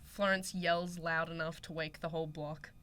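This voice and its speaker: A woman's voice: low voice, little pitch movement, moderate pace, a bit bright, clear, resonant tone. A young Australian woman hosting student radio, chatting casually and reading a story aloud. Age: young adult. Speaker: radio host.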